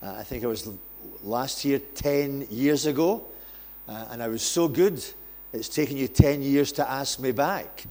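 A man's voice: mid-range voice, measured pace, darkish tone. A man, a guest preacher in a church, telling self-deprecating jokes before he prays and preaches. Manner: jokey, self-deprecating storyteller. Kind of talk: sermon with humorous anecdotes.

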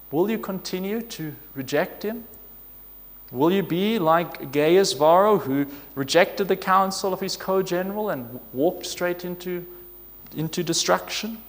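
Preacher, male, high-pitched, earnest sermon delivery with pleading questions, long hall reverb. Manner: earnest, building to emphatic pleas and rhetorical questions.

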